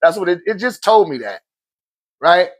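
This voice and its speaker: High-voiced man preaching on a livestream. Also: big pitch swings, normal speed. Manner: preachy and laughing often, with slangy asides. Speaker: livestream host. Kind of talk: casual livestream talk. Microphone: phone.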